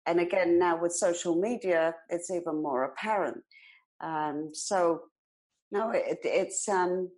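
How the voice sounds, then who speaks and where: A woman in her sixties with a British accent touched by an American twang, a guest telling stories in an expressive, laughing way. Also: fairly low pitch, a little slow, poor audio. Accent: British, with some American twang. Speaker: guest, hairdressing educator. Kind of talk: conversational storytelling.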